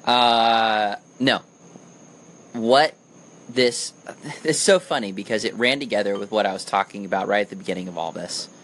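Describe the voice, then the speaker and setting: Male podcast co-host, lower voice, dry teasing humor, faint hiss behind. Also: normal speed, a bit bright. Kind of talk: casual chat.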